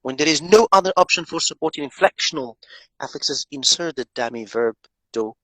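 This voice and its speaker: A man's voice: a little high, lively intonation, a little fast, fairly bright tone, no echo, low-quality recording. Male prof teaching a class, lots of rise and fall, dry close sound, says things twice. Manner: explains step by step, often repeating phrases; asks students questions. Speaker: professor. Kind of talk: lecture.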